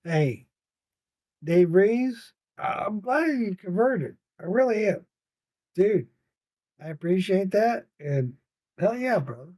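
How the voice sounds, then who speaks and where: A high, darkish voice comes from a sleepy podcast host who yawns through a casual late-night stream, reading chat messages aloud with laughter and profanity. He's animated yet slow, with long pauses, and there's no echo.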